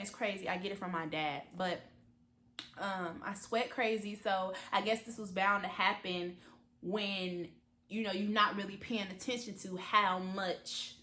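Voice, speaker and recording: A woman in her twenties speaks openly in a confessional vlog, her voice bright and forceful. She talks in a halting way with lots of fillers. She sounds close to tears as she speaks. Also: medium pitch, echoey room. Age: 20s. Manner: candid, emotional, halting with many fillers. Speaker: vlogger.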